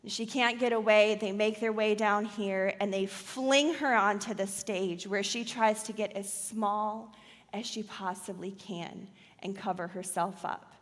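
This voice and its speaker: A woman pastor preaching a sermon in a church auditorium, telling a story dramatically with loud and hushed swings. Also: mid-range voice, fairly even intonation, a little slow, long reverb tail.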